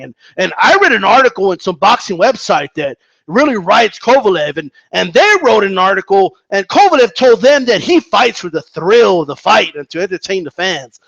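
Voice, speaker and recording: Animated, high-voiced ranting man. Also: brisk, no echo, highs cut off. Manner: animated, argumentative, mocks opponents in high voices. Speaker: boxing commentator. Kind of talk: casual ranting commentary.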